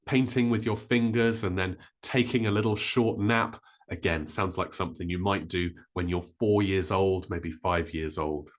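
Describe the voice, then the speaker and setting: A man teaching a vocabulary lesson, modelling each word slowly and carefully. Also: low-pitched, fairly even intonation. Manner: slow, careful, with drawn-out model words. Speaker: English teacher.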